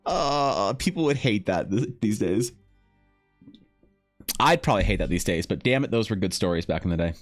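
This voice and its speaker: A man streaming live, telling a story in casual talk. He swears freely, laughs often, and swings between loud bursts and low, muttered asides. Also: lively intonation, normal speed, pauses often, faint music behind. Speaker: livestreaming artist.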